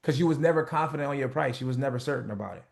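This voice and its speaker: A man coaching a group on a motivational call, animated and profane, acting out little skits. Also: medium pitch, racing, creaky. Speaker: business coach.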